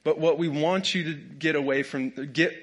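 A man's voice: a little high, steady tone, normal speed, husky. A young man preaching a humorous sermon, folksy and joking, often laughing at his own stories. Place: church sanctuary with a congregation.

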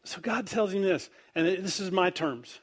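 This man speaks in a high voice at a normal pace, delivering a humorous sermon as an animated storyteller. He acts out the quoted voices in the story, and his loudness swings widely up and down.

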